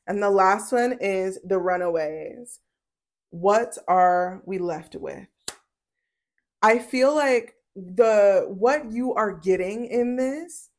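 Profane, emphatic woman reading tarot. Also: medium pitch. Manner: blunt, profane, emphatic and preachy. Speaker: tarot reader. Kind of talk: casual tarot reading to camera.

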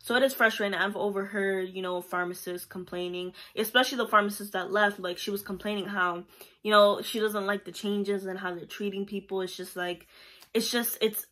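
In a casual vlog, a young Puerto Rican woman rambles chattily about working as a pharmacy technician, using plenty of fillers. She speaks at medium pitch with a pushed, bright tone.

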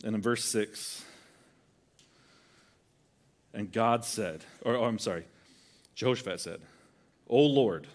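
A man preaching a sermon in a conversational way, acting out quoted voices as he tells the story. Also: mid-range voice. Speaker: pastor.

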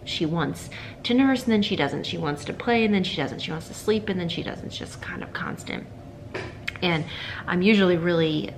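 A woman in her thirties, a mother vlogging in a casual chat, sometimes talking softly while her baby naps. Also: fairly low pitch, moderate pace. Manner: soft, hushed talk while the baby naps; chatty, upbeat and animated on the go. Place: car, with a baby in the back seat. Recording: noisy background.

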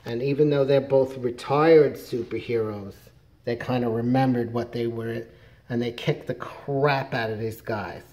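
A man's voice: mid-range voice, steady tone, measured pace, dark tone. Rambling middle-aged man retelling a comic. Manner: rambling, many fillers and restarts. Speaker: comics reviewer. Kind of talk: casual rambling comic summary.

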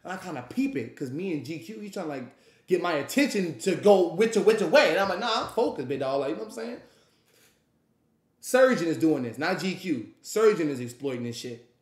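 Male streamer, brash rambling storyteller, curses a lot, higher-pitched voice, echoey room. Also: lively intonation, a little fast. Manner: profane, rambling, acts out quotes. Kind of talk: animated storytime.

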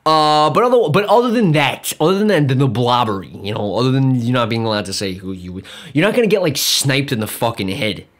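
A man's voice: mid-range voice, expressive, brisk. A man hosting a podcast, ranting in a rambling, profane, sarcastic monologue. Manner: profane, rambling, sarcastic, jumps between mock voices. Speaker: podcast host.

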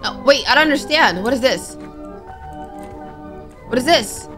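A woman's voice: sits high, lively intonation, unhurried, over music. A young woman narrating her own horror game play, jumpy and nervous, reacting with gasps and worried asides. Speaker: gaming streamer. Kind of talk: let's play commentary.

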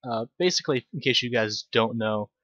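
A man's voice: medium pitch, expressive, a little fast, a bit bright, no echo, muffled recording. A young man giving casual, rambling video game commentary, mocking himself and swearing easily. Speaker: let's play commentator.

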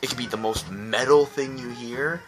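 A man's voice: mid-range voice, normal speed. A young man rambling into his webcam, worn out from lack of sleep, hyper and goofy, slipping into silly voices. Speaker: gaming YouTuber. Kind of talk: rambling casual vlog talk. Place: indoors at home, at night into dawn. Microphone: webcam close to the face. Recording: music playing behind.

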